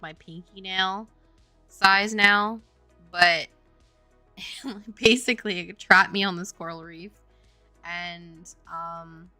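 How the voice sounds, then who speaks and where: A woman's voice: on the low side, sharp tone, no echo. A woman game developer chatting casually on a livestream, telling a rambling story full of "like" and laughter. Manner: rambling storytelling, heavy use of "like", frequent laughter. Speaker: game developer streaming her work.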